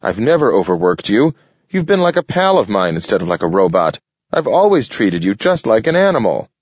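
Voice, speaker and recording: A fretful, hunted raccoon whines and pleads in a quick, climbing voice, as a man reads him in a storybook. The sound is dull and lo-fi, bone-dry with no room around it. He talks over himself in a hurry, pushing higher when he begs. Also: very animated, dry recording. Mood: pleading. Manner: fast, pleading, rising pitch.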